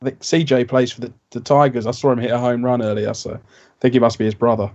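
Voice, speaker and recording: Brief: male co-host, keen baseball talk, relaxed warm tone, muffled call. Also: medium pitch, quick pace. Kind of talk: live sports chat show.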